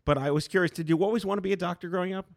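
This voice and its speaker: A man's voice: sits high, rapid-fire, gravelly, dry recording. A man hosting a podcast, chatting casually with a guest and tossing in wry, joking asides. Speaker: podcast host. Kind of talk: casual interview chat.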